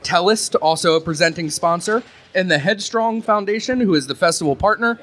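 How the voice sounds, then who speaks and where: A man's voice: high voice, a little fast, fairly bright tone. A man hosting a live podcast and narrating a tabletop game as game master, upbeat and friendly.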